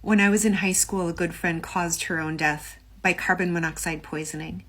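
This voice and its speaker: A middle-aged woman, a clinical psychologist, speaking in a steady, composed way. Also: lowish voice, normal speed. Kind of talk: measured personal testimony.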